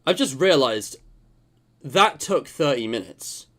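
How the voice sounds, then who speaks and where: Male streamer, animated and swingy in pitch, loose live game commentary with cursing. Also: unhurried. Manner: animated, swears and groans at the game.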